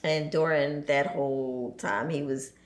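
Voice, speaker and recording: A woman in her forties, a podcast guest, telling animated stories about her children and laughing often. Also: deep voice, a little slow, roomy sound, slight background noise. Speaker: podcast guest, entrepreneur and single mother. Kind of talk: casual chat.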